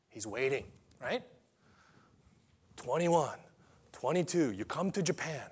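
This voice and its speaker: A male pastor preaching a dramatic sermon, swinging from loud declarations to quiet asides. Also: medium pitch, expressive, slow pace, long pauses, husky.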